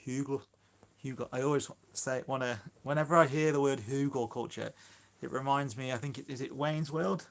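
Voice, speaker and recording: A man's voice: medium pitch, fairly even intonation, a little fast, creaky. A man chatting casually on a phone live stream about his allotment, rambling and self-deprecating. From Shropshire, England.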